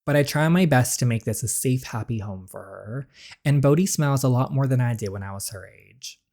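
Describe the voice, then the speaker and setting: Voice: mid-range voice, brisk, darkish tone, lightly acted. A streamer reading the lines of a tired, hardworking young Southern woman who bakes, in an earnest first-person storybook style. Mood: weary.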